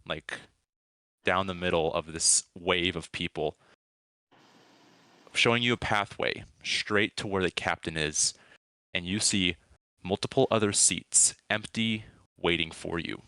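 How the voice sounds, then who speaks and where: A man narrating a tabletop role-playing game as game master, slow and descriptive. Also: deep voice, sharp tone, smooth, no echo.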